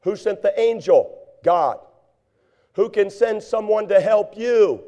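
Male preacher, high and mellow, animated sermon delivery with loud acted-out voices and hushed asides. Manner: reads scripture in slow drawn-out tones.

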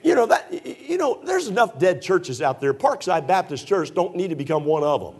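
Folksy preacher, higher voice. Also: male voice, very animated, fairly quick, a little mellow, breathy edge. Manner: emphatic, folksy and teasing, with sarcastic asides. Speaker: pastor. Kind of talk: sermon. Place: church.

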